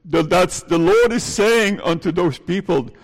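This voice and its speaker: A male pastor preaching an earnest, halting sermon, often repeating phrases and tagging lines with "eh?". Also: high-pitched, big-room sound.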